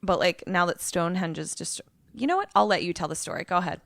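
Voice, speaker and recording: A woman's voice: on the low side, expressive, fast talker, vocal fry, fairly bright tone, dry recording, studio quality. A young woman co-hosting a podcast, talking casually and reacting with disbelief. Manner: incredulous, exclaiming, laughing. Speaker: podcast co-host. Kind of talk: casual chat.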